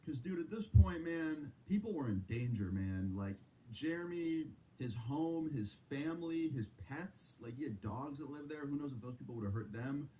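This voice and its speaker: A man's voice: a little high, expressive, normal speed, few pauses, mellow, slight background noise, poor audio. A young man casually telling a personal story on a live stream, full of slang and filler words. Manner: casual, slangy, lots of "like" and "bro".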